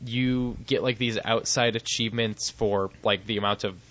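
A man's voice: fairly low pitch, steady tone, normal speed, fairly bright tone, muffled recording. A man co-hosting a podcast in casual chat, rambling and cutting himself off, laughing often. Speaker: podcast co-host.

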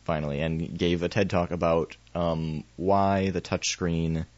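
A man with a very low voice co-hosts a casual tech chat, relaxed and wry in his asides. The sound is close and dry, a bit dull in the highs. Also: unhurried, no room sound. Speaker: podcast co-host.

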